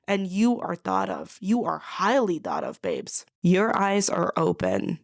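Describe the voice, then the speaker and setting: A woman's voice: lowish voice, wildly swooping pitch, a little slow, creaky, few pauses, no room sound, clean studio sound. A woman giving an intuitive reading straight to her viewers, sassy and emphatic, repeating lines for effect and calling the listener honey and babes. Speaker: intuitive card reader. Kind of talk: direct-to-camera spiritual reading.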